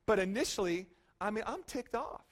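A male pastor preaching a sermon in a lively, conversational way, often checking in with "okay?". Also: high voice, moderate pace.

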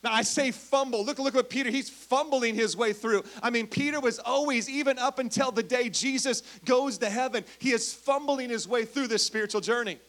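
High-voiced animated male preacher. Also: moderate pace, few pauses. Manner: animated storytelling, swings from loud emphasis to hushed; addresses congregation directly. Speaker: pastor. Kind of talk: sermon.

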